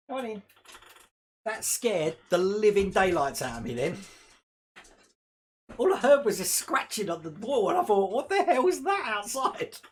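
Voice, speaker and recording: A man's voice: sits high, slight background noise. A man hosting a hobby model-building livestream at home, chatting casually and rambling, laughing often and talking to his dog. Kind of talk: casual live-stream chat.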